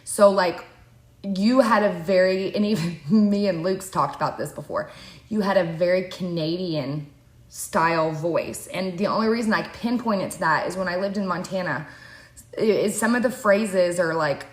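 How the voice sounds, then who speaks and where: A woman's voice: fairly low pitch, normal speed. Rambling woman host in a roomy room. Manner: rambling, filler-heavy storytelling. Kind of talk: casual chat. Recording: roomy echo.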